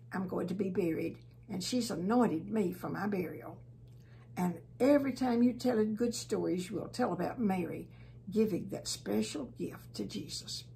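A woman telling a Bible story to small children as a Sunday school teacher. Her voice has a gravelly, creaky edge. She tells it gently and often sinks to a soft hush. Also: medium pitch, a little hiss or hum.

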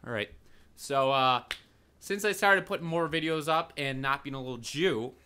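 A young man with a bright, forceful voice that sits a bit high for a guy. He rambles in a loose, crude vlog chat, cracking jokes at his own expense. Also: moderate pace, clear, resonant tone. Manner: crude, joking, self-mocking. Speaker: YouTuber.

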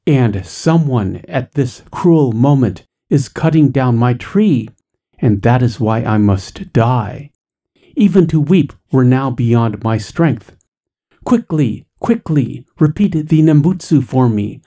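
A man voicing a gentle young female willow-tree spirit who pleads in a feeble voice. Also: medium pitch, expressive, slow pace. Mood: urgent.

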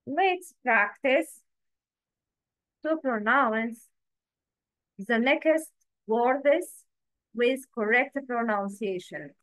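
A woman teaching letter pronunciation in a slow, patient lesson, repeating each word for the learner to echo. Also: on the high side, lively intonation, fairly bright tone.

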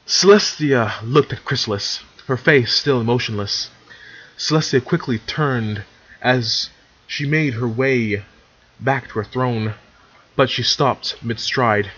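A man narrates a story in a plain, even reading voice of middling pitch. His tone is husky, and the lo-fi recording sounds dull. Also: measured pace. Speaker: story reader.

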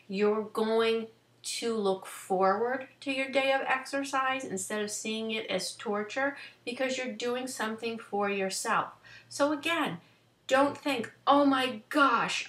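A woman's voice: a little high, fairly bright tone, distant mic. A woman hosting a wellness vlog, giving an emphatic, coaching talk straight to her viewers. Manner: emphatic, coaching, direct address. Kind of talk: motivational talk to camera. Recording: echoey room.

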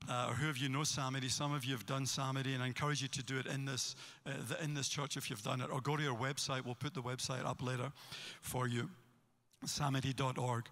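A man with a Scottish accent, a pastor preaching a sermon and telling stories with animated energy. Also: medium pitch. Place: church hall. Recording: long hall reverb.

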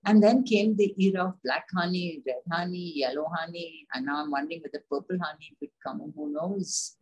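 An older woman with an Indian accent, a coffee expert telling lively stories in an interview. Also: sits low, brisk, breathy edge, lo-fi sound. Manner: lively anecdotal, acts out dialogue. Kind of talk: conversational interview storytelling.

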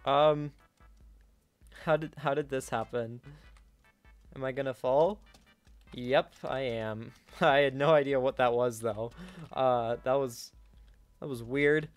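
A young man giving live gameplay commentary, swinging between yelling in frustration and quiet muttering to himself. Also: medium pitch, steady tone, slow, long pauses, dry recording, soft background music. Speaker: gaming YouTuber.

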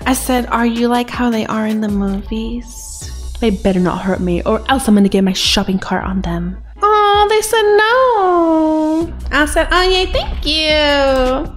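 A woman giving playful gameplay commentary in an excitable way, often gasping and giggling. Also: sits high, unhurried, soft background music. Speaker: gaming video creator.

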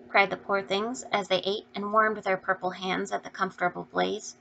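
A woman reading a classic novel aloud as an audiobook, in a steady storytelling delivery. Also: medium pitch, normal speed, gravelly. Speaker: audiobook reader. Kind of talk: scripted narration. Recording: dull lo-fi recording.

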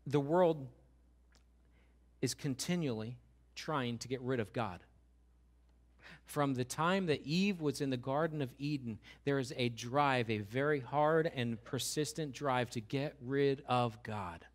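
A man's voice: mid-range voice, unhurried. Male pastor, mid-range voice, preaching with emphasis, repeats lines and asks the congregation questions. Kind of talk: sermon.

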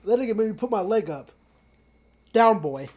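Man, high voice, loud, excitable, swearing, sports reaction host. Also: moderate pace. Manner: loud, excitable, shouting at players, profane. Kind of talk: live game reaction commentary.

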